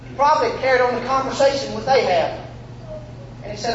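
High-pitched shouting preacher in an echoey church. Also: male voice, brisk, long pauses, slight background noise. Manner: impassioned shouting preacher who acts out Bible figures in a folksy drawl. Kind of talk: sermon. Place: church sanctuary. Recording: echoey room, muffled.

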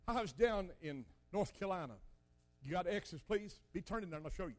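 An older man preaching a sermon, telling folksy stories with loud emphatic bursts. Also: high-pitched, lively intonation, quick pace.

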